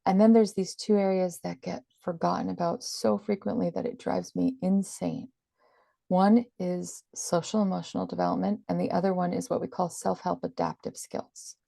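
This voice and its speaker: A woman's voice: lowish voice, fairly even intonation, moderate pace, gravelly, warm tone, no echo, clean studio sound. A woman talking as an interview guest, explaining things earnestly and with emphasis. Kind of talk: conversational explaining.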